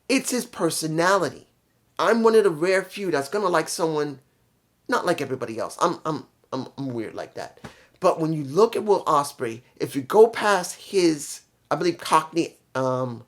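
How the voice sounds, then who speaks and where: A man giving a casual solo review of a wrestling show, rambling and often stopping to correct himself. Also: a little high. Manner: rambling, self-correcting, candid.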